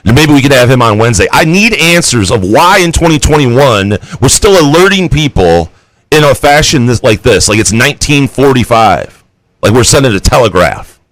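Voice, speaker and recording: A man's voice: medium pitch, very animated, normal speed, a bit bright, no room sound, low-quality recording. A man co-hosting a podcast in casual chat, laid-back and trailing off, growing exasperated when he rants. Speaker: podcast co-host.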